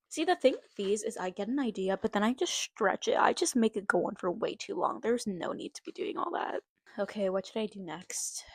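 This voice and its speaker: A woman's voice: mid-range voice, creaky, breathy edge, dry recording. A young woman vlogger reading an old story aloud with amused, self-mocking commentary.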